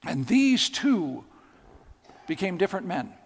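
A man's voice: sits high, big pitch swings, measured pace, slightly rough. A man preaching a sermon, telling stories with emphatic, repeated phrases. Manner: storytelling, emphatic and repetitive. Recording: long hall reverb.

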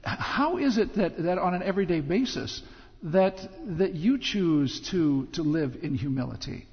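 A male pastor with a notably high voice questions a guest in front of his congregation. He hesitates and repeats words as he works his way through each question. The sound is muffled and lo-fi, with a long reverb from the sanctuary. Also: animated. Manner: halting, repeats words while forming questions. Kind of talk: interviewing a guest before a congregation. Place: church sanctuary.

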